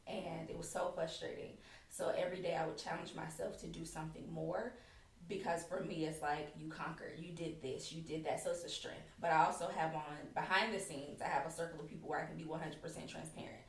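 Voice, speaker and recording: A woman's voice: sits low, flat delivery, fairly quick. Woman telling her story, a bit far from the mic. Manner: candid and personal, often quoting her own thoughts. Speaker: podcast guest. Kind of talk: casual conversation about her own story. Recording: echoey room, far from the mic, faint background noise.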